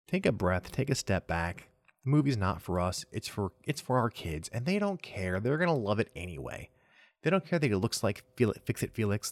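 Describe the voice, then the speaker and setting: A low-voiced young man talks through gaming news alone on his podcast. His delivery is loose and chatty, full of restarts and self-amused asides. The sound is close and dry, with no room around it. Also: dry recording. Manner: relaxed and chatty, trails off and restarts, chuckles at himself. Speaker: podcast host. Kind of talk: solo casual gaming news chat.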